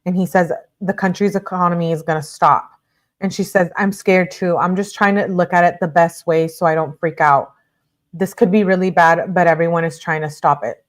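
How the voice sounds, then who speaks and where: A woman hosting a true-crime video, reading text messages aloud in a brisk way and breaking off for blunt asides of her own. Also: lowish voice, fairly even intonation.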